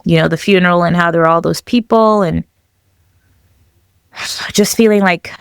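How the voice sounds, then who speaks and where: A young woman from Zambia telling a personal story as a podcast guest, reflective and halting, with many fillers. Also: fairly low pitch, creaky, smooth, no room sound, studio quality.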